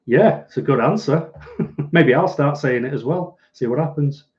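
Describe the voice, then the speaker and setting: A man hosts a casual livestream, reading viewer comments aloud, rambling chattily and laughing easily. His voice is a little high and a little mellow at a normal speed. The recording is dull and lo-fi.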